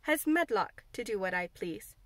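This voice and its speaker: A woman's voice: medium pitch, animated, normal speed, no echo, close to an everyday voice. A woman voicing a spoiled, sickly boy who speaks grandly and gives orders. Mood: demanding. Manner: grand, demanding, peremptory.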